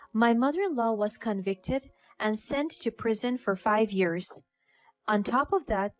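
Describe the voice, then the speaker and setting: A woman narrating a first-person story in an even, earnest scripted tone. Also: on the high side.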